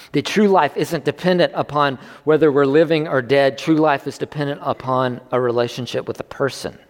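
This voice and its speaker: Chatty preacher with a ringing hall. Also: male voice, mid-range voice. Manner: conversational, restarts, swells with emphasis. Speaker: pastor. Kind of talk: sermon. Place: church service. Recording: long hall reverb.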